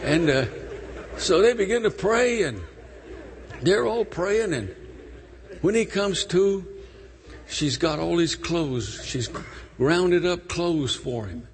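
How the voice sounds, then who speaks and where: A preacher with a husky voice tells a story to his congregation, slowly drawing out his words. His voice carries a long reverb, as if he is speaking in a large church hall. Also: high-pitched, lively intonation. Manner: slow, drawn-out storytelling, acting out quoted voices. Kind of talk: sermon storytelling.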